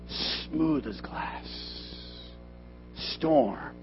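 Animated preacher with loud bursts. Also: male voice, mid-range voice, normal speed, breathy edge. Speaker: pastor. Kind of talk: sermon. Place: church. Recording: dull lo-fi sermon recording with faint music.

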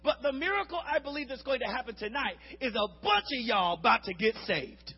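A preacher man delivers a lively sermon with a high, husky voice. He dramatizes the scripture with big shouts and sudden quiet asides, and the recording sounds dull and lo-fi. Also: brisk, soft background music. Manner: dramatic, acts out Bible characters, swings from shouts to hushed tones.

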